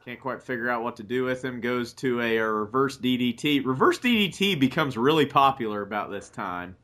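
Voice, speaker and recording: Male podcast co-host, bright and forceful voice, relaxed joking commentary. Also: medium pitch, brisk. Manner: laughs often, swears casually. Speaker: podcast co-host watching old wrestling. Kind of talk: casual chat, watch-along commentary.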